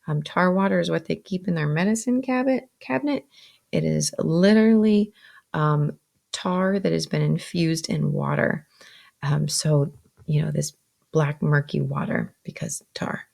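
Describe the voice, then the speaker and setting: A woman's voice: low-pitched, vocal fry, darkish tone. A woman teacher reading a novel aloud and stopping to explain words to her students, with some "um" fillers.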